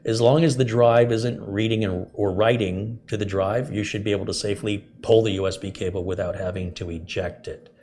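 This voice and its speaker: A man's voice: lowish voice, steady tone, brisk, a little mellow, slight background noise. A man hosting a live tech stream, chatting with viewers, reading out their messages and explaining fixes step by step. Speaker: tech channel host. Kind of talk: live-stream chat, answering viewer questions.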